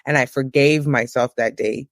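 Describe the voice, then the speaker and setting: A woman in her thirties giving a candid personal testimony as an interview guest, with emotional, preacher-like rises in pitch. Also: fairly even intonation, normal speed, dry recording, clean studio sound.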